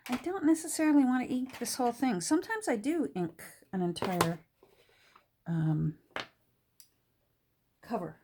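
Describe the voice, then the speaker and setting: A woman talking casually through a crafting tutorial at her desk, soft-spoken and hesitant, with many fillers and restarts. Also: a little high, lively intonation, measured pace, long pauses, a little hiss or hum. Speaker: junk journal crafter. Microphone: camera on the desk.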